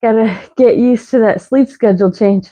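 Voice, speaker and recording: A woman's voice: fairly high pitch, moderate pace, dark tone, rough recording. A woman leading a live workout as fitness instructor, counting reps and cueing stretches while out of breath. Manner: counting reps, breathy and winded between cues.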